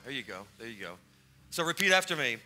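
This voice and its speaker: Speaking fast and very animated, this pastor has a medium-pitched voice with a sharp edge. He stands before his congregation in the church sanctuary, giving a sermon that ends in an altar call. His delivery is urgent and fervent, looping back over the same phrases to press listeners forward.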